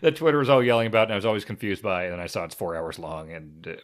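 A man co-hosting a podcast in casual chat, rambling and animated with lots of fillers and restarts. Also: on the low side, very fast. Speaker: podcast co-host.

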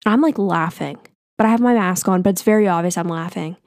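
Chatty young woman with vocal fry. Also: on the low side, brisk, a little mellow, no echo, clean studio sound. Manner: chatty, filler-heavy with lots of "like", casual swearing. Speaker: vlogger telling a personal story. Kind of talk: casual storytime monologue.

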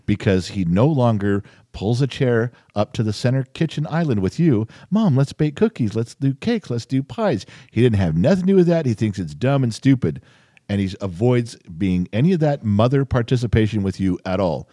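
A man's voice: fairly low pitch, fairly quick, no room sound, clean studio sound. A man in his fifties co-hosting a casual chat podcast, joking and acting out the voices of people he talks about. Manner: lively, jokey, acts out other people's lines. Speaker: podcast co-host.

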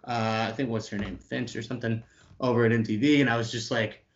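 A man in his twenties telling an animated story, swearing freely and acting out the other people's lines. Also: mid-range voice, a little fast, muffled recording, a little hiss or hum.

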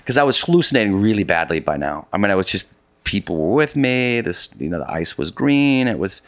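A middle-aged man telling a long story in a casual conversation, animated and rambling with many restarts. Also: on the low side, brisk, no room sound. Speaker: guest, polar expedition adventurer.

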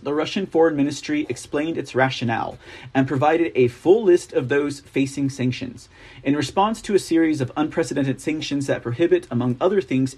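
A man's voice: fairly high pitch, a little mellow, slightly rough. A man hosting a casual commentary show, reading articles aloud and riffing on them in a rambling, wry way. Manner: rambling, wry, laughs at his own jokes. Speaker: news show host.

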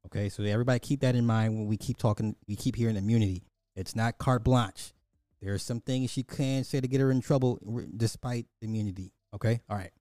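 A man co-hosting a casual talk show, explaining points in a measured, deliberate way. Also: mid-range voice, fairly even intonation, warm tone, no room sound. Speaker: podcast co-host.

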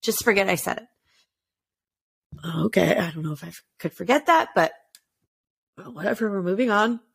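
A woman with a gravelly, creaky edge to her voice tells a story in a loose, chatty way. She jumps up and down in pitch to act out what people said, then drops back to her everyday voice. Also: lively intonation, moderate pace, fairly bright tone. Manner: chatty, acts out quotes with shifts in pitch. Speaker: podcast host telling a true-crime story. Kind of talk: casual storytelling chat.

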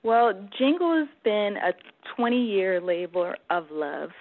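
Woman guest calling in by phone, steady and detailed, mid pitch, phone-thin sound. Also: slow. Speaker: guest, film producer. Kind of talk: casual interview chat. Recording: tinny phone line.

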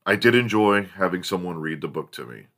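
Male host, low bright voice, profane and animated casual storyteller. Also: a little fast. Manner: profane, animated storyteller with big pitch jumps.

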